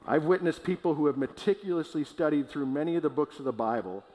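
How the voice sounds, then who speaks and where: A man preaching a sermon as pastor, earnest and emphatic, slowing down to stress key words and sometimes restarting a phrase. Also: a little high, a little mellow. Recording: long reverb of a large hall.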